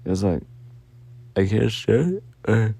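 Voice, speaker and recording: A young man in a whispered role-play as a tired, sweet boyfriend, yawning, giggling and talking slowly. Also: sits low, lively intonation, gravelly, warm tone, slightly rough. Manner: sleepy, yawning, affectionate and giggly.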